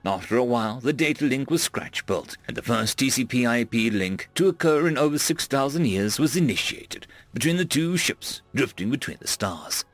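A man's voice: mid-range voice, animated, normal speed, few pauses, fairly bright tone, dry recording, soft background music. A man narrating a sci-fi story in a casual, offhand way. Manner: casual, fillers between voices.

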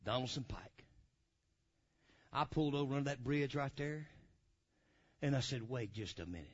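A man telling a testimony in a sermon, swinging from loud hollering to low, quiet asides. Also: moderate pace, pauses often, slightly rough. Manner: animated storyteller, swings from hollering to low murmurs. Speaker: preacher. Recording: dull lo-fi recording.

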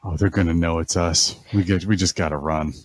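A man bantering through a tabletop game, quick to joke. His voice sits fairly low and sounds dry and close. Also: fairly even intonation, no room sound. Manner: joking, laughing. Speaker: player. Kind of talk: casual tabletop play.

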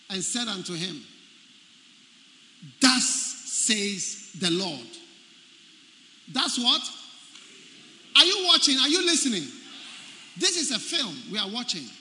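A man preaching a sermon in a large, echoey hall, with faint ambience behind him. His voice sits high and bright, and it swings widely in pitch as he hammers home key phrases. He keeps checking whether his listeners are following. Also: slight background noise. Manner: emphatic, repeats key phrases, quizzes the congregation.

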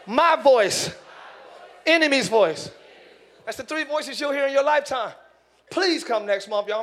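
A man pastor preaching a sermon in church, animated, acting out voices and shouting for emphasis. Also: high voice. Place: church sanctuary.

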